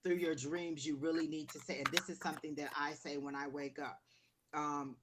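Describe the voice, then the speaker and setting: A woman's voice: low-pitched, little pitch movement, normal speed. A woman reading tarot on a livestream, explaining her points in a conversational way with everyday examples. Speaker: tarot reader, co-host. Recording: noisy livestream audio.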